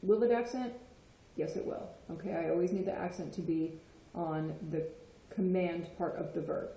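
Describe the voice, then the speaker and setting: Teacher type: woman, low-ish mellow voice, patient explainer, roomy echo. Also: moderate pace. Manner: patient, checks in with frequent "okay?". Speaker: Spanish teacher. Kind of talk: explanatory lesson. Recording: echoey room.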